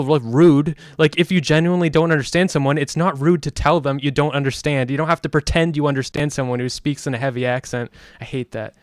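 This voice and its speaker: A man's voice: medium pitch, fairly even intonation, fast talker, few pauses, dry recording, clean studio sound. A man on an online panel telling a rambling anecdote, getting heated at times. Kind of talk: casual storytelling chat.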